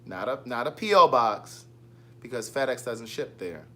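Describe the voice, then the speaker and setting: A man's voice: mid-range voice, expressive, moderate pace, fairly bright tone. A man hosting a casual livestream, chatting and teasing as he reads viewer comments. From Maryland. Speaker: livestream host. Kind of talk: casual live chat.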